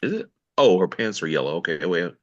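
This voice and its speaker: A man co-hosting a podcast, chatting casually about a TV episode and asking questions as he thinks out loud. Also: deep voice, sing-song, brisk, muffled recording. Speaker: podcast co-host. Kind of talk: casual show discussion.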